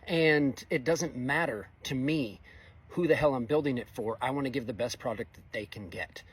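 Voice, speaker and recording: A man's voice: mid-range voice, moderate pace, husky. A middle-aged man, a welder, giving a blunt, exasperated opinion monologue in casual speech. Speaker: fabricator welder.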